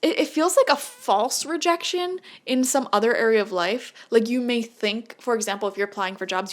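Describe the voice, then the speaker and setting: A young woman giving a casual, chatty tarot reading who laughs often and breaks into lively, high-pitched asides. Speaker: tarot reader.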